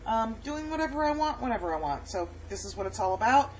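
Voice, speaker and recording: A woman's voice: fairly high pitch, big pitch swings, fast talker, lo-fi sound, very noisy. A woman chatting casually in a home cooking vlog. She rambles as she tastes her food, with lots of pleased mm's. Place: home kitchen.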